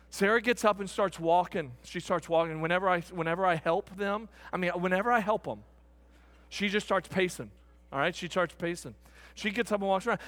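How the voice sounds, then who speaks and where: A middle-aged man preaches a sermon with a high, ringing voice. His pitch leaps and dips widely as he tells his story. He shifts from excited shouting to hushed, quiet moments. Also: moderate pace. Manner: animated, swings from shouting to hushed. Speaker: pastor.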